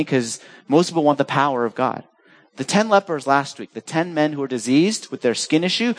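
A middle-aged man preaching a sermon as pastor, animated, swinging between urgent highs and soft low asides.

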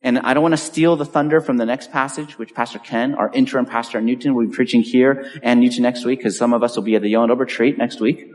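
A man preaching a sermon as pastor, telling the story in a lively, conversational way and acting out the quotes. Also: mid-range voice, fast talker, few pauses. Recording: long hall reverb.

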